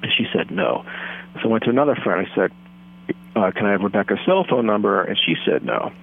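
Casting: earnest, rambling man in his thirties, slightly low voice, phone-line sound. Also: expressive, fast, creaky. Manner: earnest, self-deluded, rambling. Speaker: caller telling a story. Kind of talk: deadpan comic storytelling.

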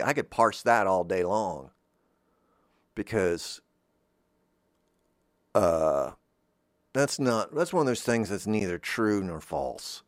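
A man's voice: lowish voice, no echo, clean studio sound. A man hosting a podcast, wandering through a comic monologue that often trails off and restarts, with self-deprecating asides. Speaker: podcast host. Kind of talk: rambling comedic monologue.

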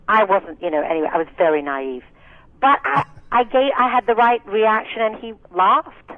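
A woman's voice: medium pitch, lively intonation, moderate pace, dry recording. A woman in her sixties from Scotland, a singer and actress telling frank, chatty stories with many asides in a casual interview. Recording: tinny phone line, dry.

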